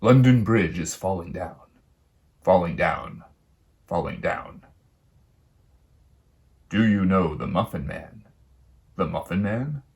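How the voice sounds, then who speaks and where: A grave secret agent, put on by a man speaks in a very low voice. He drags out every word, slow and secretive. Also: expressive, creaky, a little mellow, full character voice. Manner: slow, grave, secretive delivery of nonsense rhymes. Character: deep-voiced male spy giving code words.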